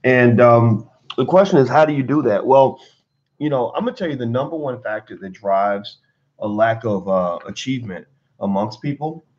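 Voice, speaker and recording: A man's voice: mid-range voice, lively intonation, moderate pace, a little mellow, highs cut off. A man in his forties from Kentucky, giving a rambling, motivational livestream talk from home at his computer. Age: 40s. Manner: rambling, motivational, many fillers. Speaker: motivational vlogger.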